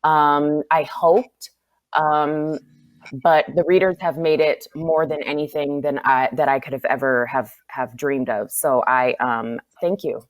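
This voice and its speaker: A woman author giving an unscripted acceptance speech, gushing and emotional, halting with many fillers. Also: deep voice, steady tone. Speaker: award-winning author.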